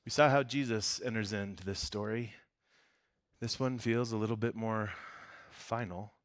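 A man with a fairly low voice delivers a relaxed, conversational sermon. He reads scripture and then riffs on it with jokes and frequent laughter. His volume swings from near-hushed to loud, emphatic moments. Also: normal speed. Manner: conversational and joking, breaks into laughter. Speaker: pastor. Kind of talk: casual sermon with Bible reading.

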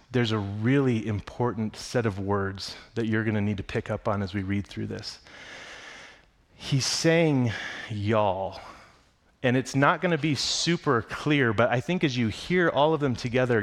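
Casual, chatty man preaching. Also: mid-range voice. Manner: casual, conversational preaching with playful asides. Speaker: pastor. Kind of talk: sermon.

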